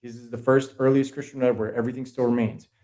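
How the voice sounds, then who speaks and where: A man's voice: medium pitch, level tone, fast talker, dark tone. Profane Boston-accented man lecturing on a call. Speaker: podcast guest. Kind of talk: casual conspiracy-history chat.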